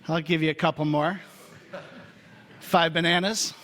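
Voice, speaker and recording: A pastor preaching a sermon in a relaxed, joking, conversational way before turning serious. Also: male voice, fairly high pitch, measured pace, pauses often. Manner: humorous, conversational storytelling. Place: church sanctuary. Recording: reverberant church hall.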